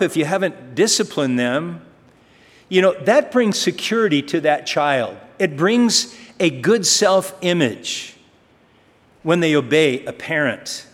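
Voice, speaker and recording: Preaching man in a reverberant hall. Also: a little high. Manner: conversational storytelling with rhetorical questions. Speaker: pastor. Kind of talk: sermon. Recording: long reverb of a large hall.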